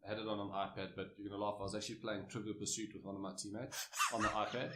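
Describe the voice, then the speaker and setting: Quick, low-voiced South African man. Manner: lively anecdotal storytelling with frequent restarts. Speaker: cricketer guest. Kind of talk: casual interview chat.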